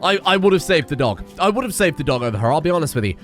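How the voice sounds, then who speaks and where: A man giving chatty, excitable commentary while playing a game, swearing often. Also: on the high side, rapid-fire, faint music behind. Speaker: gaming streamer. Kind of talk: casual gameplay commentary.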